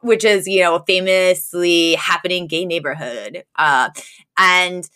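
A woman's voice: on the low side, measured pace, sharp tone, clear, resonant tone. A woman co-hosting a podcast, chatting casually and laughing often as she teases her co-host. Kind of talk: casual chat recapping an episode.

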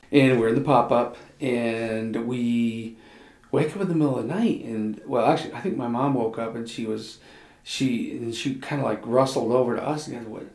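A man's voice: medium pitch, a little mellow. Man, fifties, casual chat, rambling, hesitant fillers, echoey room. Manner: rambling storyteller with fillers and laughs. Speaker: podcast co-host, husband. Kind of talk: casual conversation.

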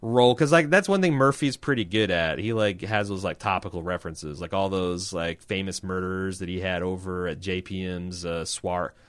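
A man co-hosts a podcast in a fairly low voice, reading out listener emails with wry humor. He talks casually, stumbles over names and laughs at his own asides. The sound is dry and close, with no room around it. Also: moderate pace, hardly any pauses, clear, resonant tone, no room sound. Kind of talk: casual banter.

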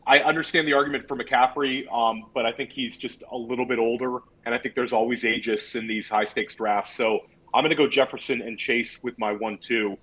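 Husky-voiced man hosting a podcast. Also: medium pitch, fairly even intonation, fairly quick, a bit bright, poor audio. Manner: leads the panel with questions, many "um"s. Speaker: podcast host. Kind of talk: casual podcast discussion.

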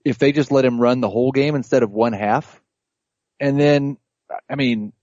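A man talks sports on a podcast in a measured, analytical way, leaning on his projections. His voice is mid-pitched, and the audio is slightly dull, recorded close with no room echo. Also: fairly even intonation, darkish tone. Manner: measured, data-minded, cites his projections. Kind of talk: casual sports chat.

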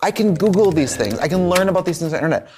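Campy, lively man co-hosting. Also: sits high, very fast, over music. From Wisconsin. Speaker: co-host. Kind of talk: comedic casual chat.

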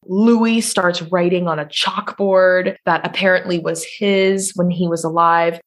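A woman co-hosting a podcast, recapping a horror film in quick, casual chat with bursts of swearing. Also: lowish voice. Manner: fast, swearing, excitable. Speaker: podcast co-host.

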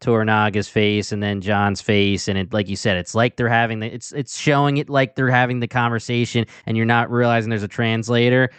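Delco-accented man, smooth and low. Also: level tone, brisk, hardly any pauses, a bit bright, no room sound. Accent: Delaware County, Philadelphia area. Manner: enthusiastic, rambling with restarts. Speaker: podcast co-host. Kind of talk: casual chat.

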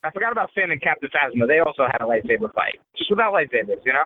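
A man calling in to a podcast from his car, enthusiastic and quick with opinions. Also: a little high, very animated, dry recording. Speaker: podcast co-host. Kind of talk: casual chat. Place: driving a car. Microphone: phone call. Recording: tinny phone line with road noise.

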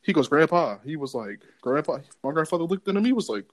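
A man's voice: on the high side, sing-song, quick pace, a little hiss or hum. A young man with a New York accent, chatting casually on a podcast and telling a story full of slang and acted-out quotes. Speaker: podcast co-host.

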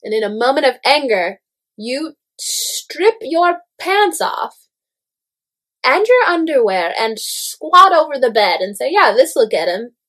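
A young woman in casual gossip chat, animated and full of "like" fillers, swearing freely. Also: sits high, takes it slowly.

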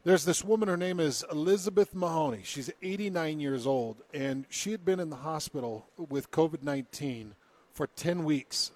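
A man on a talk radio show tells an odd news story to his co-host, reading people's quotes aloud in a put-on British accent. His voice sits a bit higher than most men's. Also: normal speed, a little mellow.

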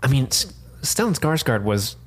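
A man co-hosting a casual podcast, animated and laughing, swearing casually as he talks. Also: mid-range voice, moderate pace, slightly rough. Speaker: podcast co-host. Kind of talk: casual chat.

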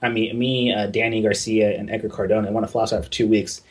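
A man from Southern California, a game artist guest, telling a story in a relaxed, casual way and swearing freely. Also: fairly low pitch, quick pace, breathy edge. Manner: relaxed, swears freely, acts out voices in anecdotes.

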